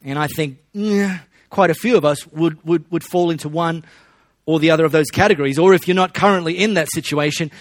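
A man preaching a sermon, his voice sitting a little high for a man. He talks to the room casually and drops joking asides between points. The sound is dry and close, with almost no room in it. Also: brisk, no echo. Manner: conversational, joking asides to the congregation. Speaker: pastor.

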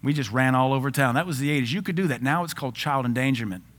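A pastor in his forties delivering a sermon, mid-pitched and conversational. He preaches in a lively, joking way, laughing often as he makes his points. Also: quick pace.

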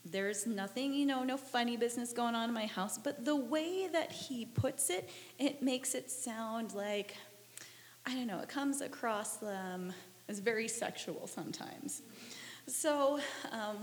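A mother telling a lively, embarrassed story about her son, laughing along. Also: medium pitch, in a large hall. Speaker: parent sharing a story. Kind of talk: casual storytelling.

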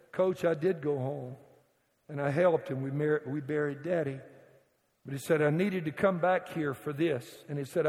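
A man preaching a sermon as pastor, telling a story with dramatic swings from hushed tones to shouting. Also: fairly high pitch. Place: church sanctuary. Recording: church hall reverb.

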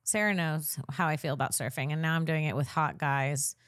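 A woman comedian and podcast co-host, telling a story in casual chat, animated and full of "like". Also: deep voice, fairly quick, slight background noise. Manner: animated storyteller, heavy use of "like".

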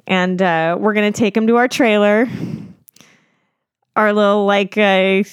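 A woman's voice: mid-range voice, steady tone, normal speed, smooth, no echo. Young woman co-host, playful and giggly, casual chat, dry recording. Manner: giggly, playful, jumps into silly voices. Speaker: podcast co-host.

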